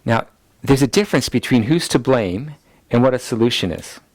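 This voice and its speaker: A man's voice: mid-range voice, animated, normal speed, dry recording. A man teaching a ministry school class, repeating key points so listeners can note them down. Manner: acts out people's anxious inner voices in quotes. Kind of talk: teaching lecture.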